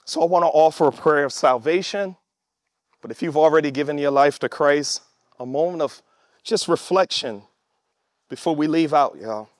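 A man preaching a sermon, emphatic, calling out to the congregation and shouting at the peaks. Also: fairly high pitch, moderate pace, no room sound, studio quality. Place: church service with online audience.

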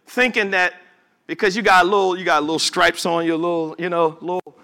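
A male pastor preaching a sermon to a congregation at a church service. He stretches words out for emphasis, breaks into sudden shouts and drops into casual asides to the listeners. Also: high-pitched, steady tone, fairly quick.

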